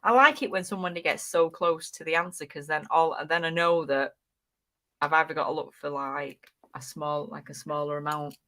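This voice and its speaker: A woman's voice: deep voice, steady tone, moderate pace, fairly bright tone. Giggly woman co-hosting a stream. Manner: giggly, reads out chat comments. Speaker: co-host. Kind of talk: casual live-stream chat.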